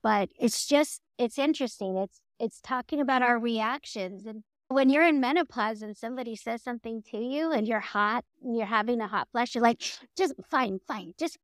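A middle-aged woman co-hosting a podcast in casual chat, animated and laughing often as she acts out quoted voices. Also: a little high, normal speed, hardly any pauses, clean tone, dry recording, studio quality. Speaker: podcast co-host.

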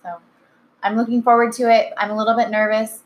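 A woman's voice: fairly high pitch, level tone, fairly quick, highs cut off. Woman podcast guest, earnest and chatty, faint background noise. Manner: earnest, chatty storyteller with frequent "um". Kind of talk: casual podcast chat.

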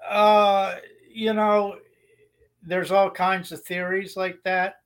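A man with a fairly high voice talks on a podcast, rambling with frequent restarts. He gives blunt opinions in a relaxed, conversational way. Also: takes it slowly, clean tone. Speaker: podcast co-host. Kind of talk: casual opinionated chat.

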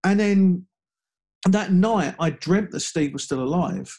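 A man's voice: high voice, warm tone. Male guest, casual storyteller, stops and restarts often. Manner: halting, many restarts and fillers. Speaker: guest speaker.

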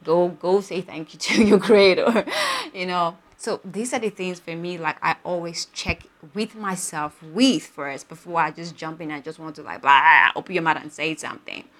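Young woman ranting on her podcast, swears a lot, laughs, super expressive. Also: lowish voice, moderate pace. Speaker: podcast host. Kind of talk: casual solo monologue.

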